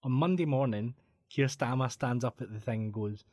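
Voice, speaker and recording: A Scottish man co-hosting a podcast, recapping the news in casual chat with quick asides. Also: medium pitch, dark tone, dry recording. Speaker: podcast co-host.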